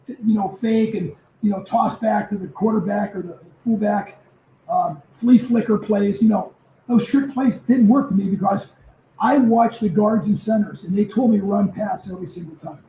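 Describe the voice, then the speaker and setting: A man in his seventies, a former football player, telling stories as a guest in a casual interview, lively and prone to repeating himself. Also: high voice, moderate pace, vocal fry, a little hiss or hum. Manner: animated storyteller who repeats words. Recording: echoey, muffled remote audio.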